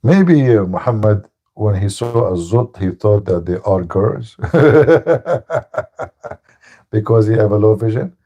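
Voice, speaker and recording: Gravelly guy ranting and mocking on a live stream, husky voice, broken english. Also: on the low side, animated, takes it slowly, mellow, lo-fi sound. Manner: mocking, taunting, laughs at own jokes, broken English. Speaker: host of a live call-in stream. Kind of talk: combative monologue.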